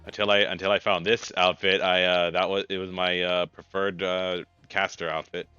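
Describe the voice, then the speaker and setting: A deep-voiced man giving casual gameplay commentary, crisp and forceful in tone. He rambles, jokes and corrects himself mid-thought. The recording is dull and lo-fi, with game music faint behind him. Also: flat delivery, normal speed, no echo. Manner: rambling, self-correcting, joking. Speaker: let's play gamer.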